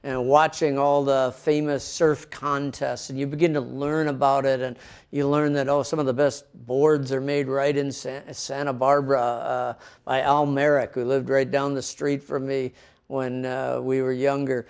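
A middle-aged pastor from the Midwestern United States eases into his sermon with a casual story, often restarting his words and using fillers. His medium-pitched voice is level, clear and resonant with a darkish tone, at a normal speed. He is recording an online service from his home in a coastal town.

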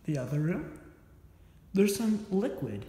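A man's voice: high-pitched, big pitch swings, slow pace, warm tone, reverberant. A man narrating as he explores an abandoned house, a bit out of breath, rambling and often correcting himself, filmed on a phone. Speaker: urban explorer vlogger. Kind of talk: casual walkthrough narration. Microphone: phone held while filming.

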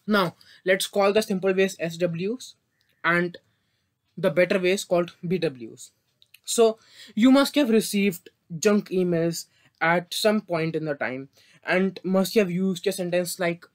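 A man's voice: high voice, unhurried. A man giving an English vocabulary lesson from a script, sometimes tripping over words and correcting himself. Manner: stumbles and apologizes for slips. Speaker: English teacher.

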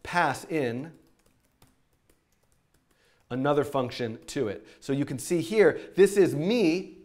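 A man talks through a live coding lesson in a loose, chatty way. He breaks off his own sentences, fills pauses and laughs at himself while he types. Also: a little high, a little mellow. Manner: chatty and self-interrupting, with frequent fillers and laughs. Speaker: programming teacher. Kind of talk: live-streamed coding tutorial.

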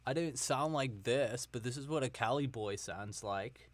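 A man's voice: mid-range voice, moderate pace, no echo. California guy chatting on a crochet livestream, jokey, laughs a lot, dry close sound. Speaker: livestream host. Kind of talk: casual livestream chat while crocheting.

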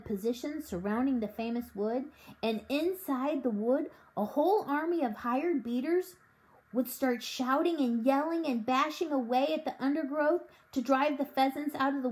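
A woman reading the part of a father who dreams up a daring scheme and grows excited as he explains it. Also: high-pitched, low-quality recording. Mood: gleeful. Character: warm scheming father with a broken leg.

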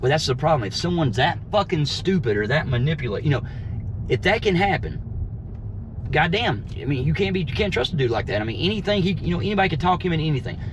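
A man's voice: fairly high pitch, sing-song, fast talker. A man ranting heatedly and mockingly while driving around, swearing constantly, recorded inside his car. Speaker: vlogger. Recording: faint road noise in a car. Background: faint vehicle noise.

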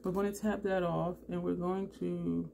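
A woman's voice: on the low side, level tone, normal speed, gravelly, warm tone, a little hiss or hum. A woman vlogger chatting through a makeup tutorial, thinking aloud and correcting herself as she goes. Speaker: beauty vlogger.

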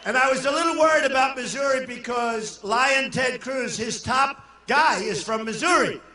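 An older man from New York giving a boastful, rambling rally speech to a crowd and shouting some lines. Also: very high-pitched, moderate pace, slight background noise. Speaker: political candidate at a rally. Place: large indoor arena. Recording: echoey hall from far off.

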